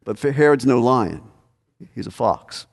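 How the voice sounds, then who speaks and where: Asking questions and pressing his points with emphasis, a man delivers a conversational expository sermon. His medium-pitched voice has vocal fry and lively intonation, his pace is unhurried, and the sound carries hall reverb.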